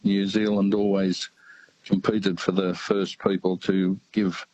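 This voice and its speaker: An older man calling in to a radio show, chatting in a halting way with many fillers. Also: sits low, little pitch movement, a little mellow, no room sound, lo-fi sound. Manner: hesitant, halting, lots of uh fillers. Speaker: radio caller. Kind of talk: casual chat.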